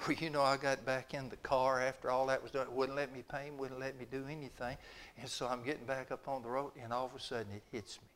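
A man's voice: medium pitch, flat delivery, quick pace, fairly bright tone. An older man, preaching a sermon in a chatty, folksy storytelling way, acting out the dialogue.

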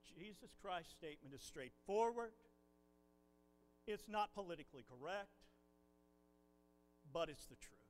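A man's voice: high-pitched, measured pace, pauses often, long reverb tail, low-quality recording. A man from Ohio preaching a sermon from the pulpit, telling folksy stories. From Ohio, USA. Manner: folksy storytelling, animated. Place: church pulpit.

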